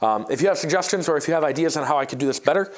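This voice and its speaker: A man's voice: fairly high pitch, animated, very fast. A man vlogging a workshop build in a casual, rambling way, often stumbling and restarting his sentences. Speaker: maker vlogger.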